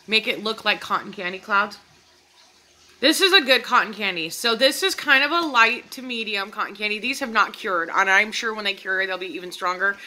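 A woman with a very bright, ringing voice talks casually to her viewers as she reviews candles. She is eager and chatty, and she keeps checking in with her audience. Her pitch sits in the middle for a woman. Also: poor audio. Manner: chatty, enthusiastic, addresses viewers as "you guys". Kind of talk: casual product review vlog.

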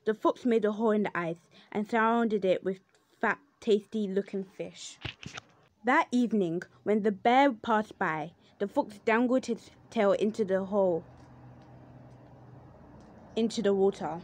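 A woman's voice: mid-range voice, measured pace, darkish tone. Woman reading a children's story.

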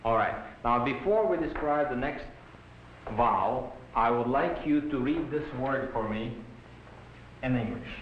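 A male language professor giving a patient, deliberate pronunciation lecture to a class. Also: medium pitch, lively intonation, a little hiss or hum. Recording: muffled roomy 1960s film soundtrack.

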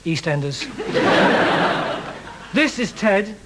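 A man's voice: sits high, very animated, normal speed, heavy background noise. A male presenter delivering a solemn, mock-tragic charity appeal in a comedy sketch. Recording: old TV sketch with loud studio audience.

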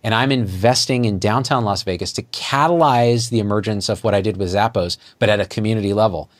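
A middle-aged man, a physician guest, telling a story in conversation and acting out the dialogue with lively jumps in his voice. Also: brisk. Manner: animated, acts out quoted dialogue with jumps in pitch.

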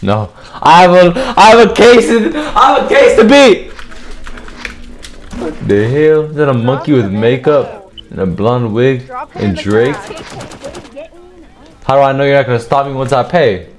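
A young man giving loud, profane gameplay commentary, trash-talking and often shouting. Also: mid-range voice, animated, a little slow, pauses often. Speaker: gamer streaming gameplay.

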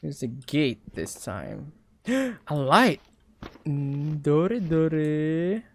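A young woman with a Filipino accent commentating a horror game, swearing freely and breaking into loud panicked yelps. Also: sits low, wildly swooping pitch, extremely slow, a little hiss or hum. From Philippines. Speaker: gaming YouTuber.

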